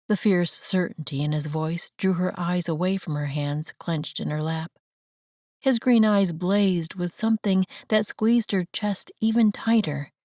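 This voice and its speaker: A woman narrating a romance audiobook in a measured, gentle storytelling manner, close to the mic. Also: lowish voice, dry recording. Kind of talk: scripted narration.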